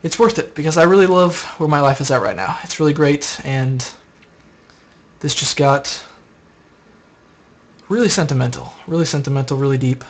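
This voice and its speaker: Young male streamer, somewhat high voice, sleepy and rambling, casual chat to viewers at a desk mic. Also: normal speed, long pauses. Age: young adult. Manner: rambling, casual, answers viewer questions aloud. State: tired. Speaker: live streamer answering chat. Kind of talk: late-night live stream chat.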